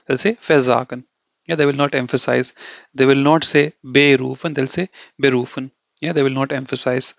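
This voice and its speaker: A man teaches German off slides in a loose, rambling lesson, repeating himself and checking in with "okay?" and "you know." His medium-pitched, slightly bright voice is captured dry and dull, lo-fi with no echo.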